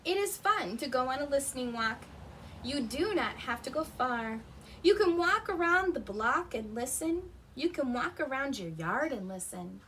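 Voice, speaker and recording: A woman's voice: high-pitched, sing-song, normal speed, a bit bright, slight background noise. A woman reading a picture book aloud to young children at home, stopping to ask them questions and imitate animal sounds. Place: her home.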